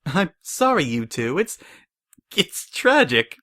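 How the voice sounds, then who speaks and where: A man's voice: on the high side, very animated, takes it slowly, pushed and bright, pitched above the performer's own voice, exaggerated voice. A man voicing a sly, giggly mare pony mayor who fakes sympathy.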